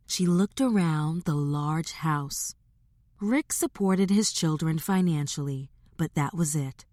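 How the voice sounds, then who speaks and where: Woman reading an audiobook, slow and steady, dry close sound. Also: deep voice, no echo. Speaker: audiobook narrator. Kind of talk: scripted audiobook narration.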